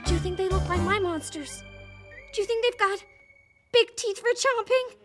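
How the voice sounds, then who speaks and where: A woman voicing a chatty, excitable little boy puppet who hosts a children's show and talks straight to the viewer. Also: extremely high pitch, moderate pace, over music. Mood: nervous. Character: playful little boy puppet, pre-school vlogger.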